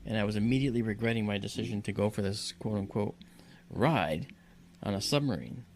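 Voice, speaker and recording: A man recounting a dramatic personal experience, telling it in an animated way and acting out the voices of the people in it. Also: lowish voice, fairly quick, slight background noise. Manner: animated storyteller who acts out quoted voices. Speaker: guest recounting a personal story. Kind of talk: storytelling in conversation.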